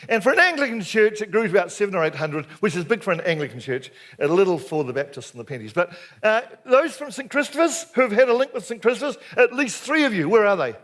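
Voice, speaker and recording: Here an elderly Anglican speaker with a Kiwi accent spins stories for a room full of men, his pitch riding high and moving through broad rises and falls. The tone stays lively and humorous, with frequent questions put to the listeners.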